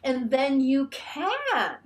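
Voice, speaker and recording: A woman's voice: high-pitched, very animated, drawn-out words. A woman minister giving an online sermon, earnest and encouraging, often restarting her phrases. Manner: leads the congregation in a call-and-response chant.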